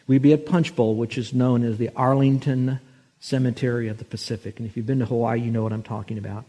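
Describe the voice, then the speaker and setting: Husky-voiced male pastor preaching. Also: steady tone. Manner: storytelling, slows and rises in pitch and loudness for scripture. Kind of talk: sermon.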